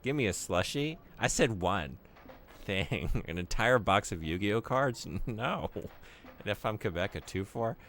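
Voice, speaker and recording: A man's voice: on the low side, lively intonation, unhurried, fairly bright tone, slight background noise. A young man streaming a game, joking and teasing his viewers in casual chat.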